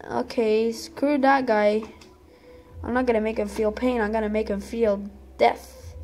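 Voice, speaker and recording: A woman's voice: fairly high pitch, level tone, a little slow, darkish tone. A woman giving casual, playful gameplay commentary with dramatic outbursts at the game. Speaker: gaming channel host.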